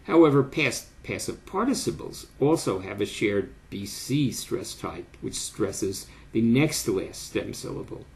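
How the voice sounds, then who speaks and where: Gravelly older man lecturing. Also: on the low side, expressive. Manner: measured, formal delivery. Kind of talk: academic lecture read from script.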